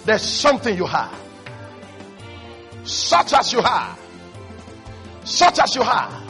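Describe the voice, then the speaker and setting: Brief: male preacher with a high, bright voice and fervent, repetitive delivery. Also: wildly swooping pitch, takes it slowly, pauses often, faint music behind. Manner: fervent, repetitive, rising to shouts. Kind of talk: sermon.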